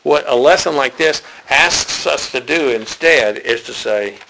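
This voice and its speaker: A man's voice: mid-range voice, a little slow, vocal fry, pushed and bright, low-quality recording. A man preaching a sermon in a church, folksy and conversational.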